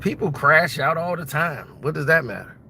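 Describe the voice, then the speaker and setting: A man's voice: a little high, animated, moderate pace, bright, forceful tone. A man giving blunt, mocking casual commentary while driving. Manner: blunt, mocking, laughs at his own jokes. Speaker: vlogger. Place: inside a car, driving. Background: faint car and road noise.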